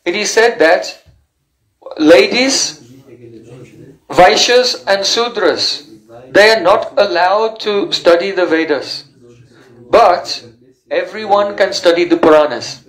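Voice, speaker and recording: A man with a fairly high voice gives a spiritual lecture, explaining terms carefully and pausing on "uh" and "um" as he searches for words. His voice rings in an echoey room. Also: a bit bright. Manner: explanatory, with fillers and self-corrections. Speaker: teacher of scripture.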